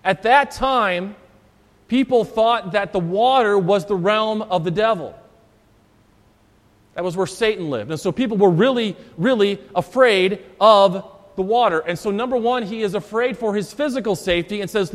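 High-voiced pastor preaching in a reverberant church. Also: male voice, moderate pace. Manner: explains scripture verse by verse, repeats key phrases. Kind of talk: sermon.

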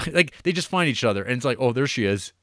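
A young man co-hosting a casual film review chat, animated and exasperated, swearing freely. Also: medium pitch, fast talker, no echo, clean studio sound. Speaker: podcast co-host.

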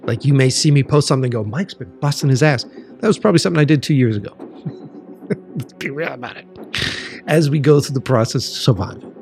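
A man hosting a podcast in casual chat, rambling with fillers and restarts, tired and slow from a late night. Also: medium pitch, gravelly, a little mellow, soft background music. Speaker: podcast host.

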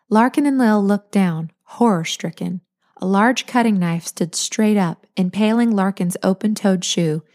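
A woman, an author and podcast host, reading her own novel aloud in steady, measured storytelling. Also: on the low side.

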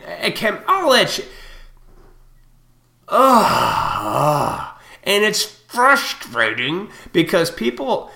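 A man in his thirties delivering a profane, heated rant to camera, swinging between loud outbursts and quieter reflective stretches. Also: medium pitch, creaky. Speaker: vlogger. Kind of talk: profane ranting monologue. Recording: echoey room.

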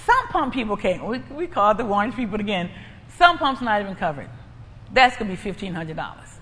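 A woman's voice: mid-range voice, big pitch swings, fast, a bit bright. A woman preaching and giving a personal testimony in an emphatic, repetitive, conversational way. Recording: echoey hall, faint ambient noise.

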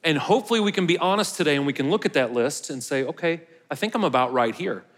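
A man's voice: a little high, lively intonation, fast. A man preaching a sermon as pastor of his own church, talking casually to the congregation and joking along the way. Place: large church hall. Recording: long reverb of a church hall.

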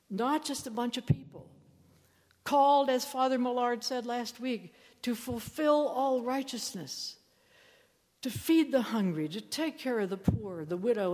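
Woman preacher, storytelling sermon, mid-pitched voice, long church reverb. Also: a little mellow. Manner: storytelling, acts out quoted lines playfully.

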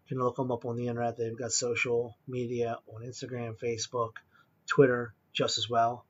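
A man's voice: medium pitch, monotone, moderate pace, breathy edge, dull audio. A man hosting a casual podcast, talking earnestly and appreciatively, rambling a little with fillers. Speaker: podcast host. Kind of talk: casual interview podcast wrap-up.

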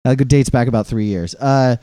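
A man in his thirties co-hosting a podcast, talking casually in a rambling, profane, animated way. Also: medium pitch, brisk, dry recording, clean studio sound. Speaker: podcast co-host. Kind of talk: casual chat.

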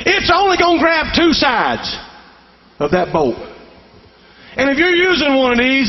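Man, middle-aged preacher, very high voice, folksy call-and-response sermon, dull sound, long hall reverb. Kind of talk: sermon to fathers.

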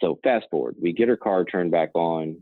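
Deep-voiced man telling a story, tinny. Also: moderate pace, no echo. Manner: rambling, frequent "right?" and "you know" asides. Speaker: nonprofit co-founder and CEO, guest. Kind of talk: conversational storytelling interview. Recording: dry, tinny phone-like line.

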